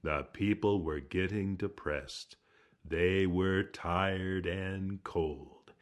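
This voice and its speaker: A male storyteller with a lowish voice narrating a folk tale. He takes his time, letting phrases hang and dropping into a hush for dramatic moments. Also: fairly even intonation. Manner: slow, hushed, dramatic telling.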